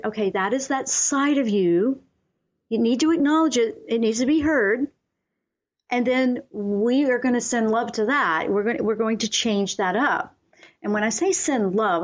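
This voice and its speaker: A woman's voice: fairly high pitch, highs cut off. A woman hosting a spiritual self-help radio show, talking earnestly and coaching listeners through affirmations.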